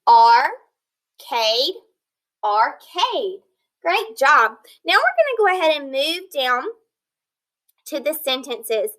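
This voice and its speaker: Woman, phonics teacher, high bright voice, patient and encouraging. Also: sing-song, rough recording. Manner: slow, clear, encouraging teacher talk, sounding out words. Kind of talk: recorded phonics lesson for children.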